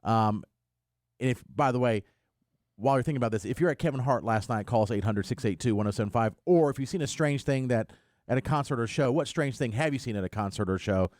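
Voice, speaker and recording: Speaking quickly at a medium pitch, a morning radio host tells a story in casual studio chat, animatedly acting out the quotes. The recording, made on a studio microphone, is dry.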